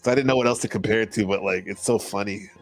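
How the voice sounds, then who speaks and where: A chatty male host with a slightly low voice, talking in an upbeat, easygoing way. Faint music plays behind him. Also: very fast. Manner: upbeat, chatty, easily amused. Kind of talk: casual chat.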